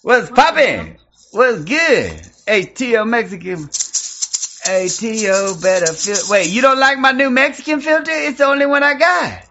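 A man in online voice chat, taunting others and shouting in mock voices. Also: very high-pitched, big pitch swings, measured pace, lo-fi sound, soft background music. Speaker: voice chat troll.

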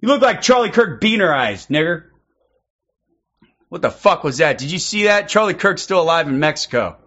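A young man streaming in online game voice chat, taunting other players in a loud, abrasive way that often breaks into shouting. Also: fairly high pitch, big pitch swings, moderate pace, lo-fi sound. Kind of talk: aggressive trolling over game voice chat.

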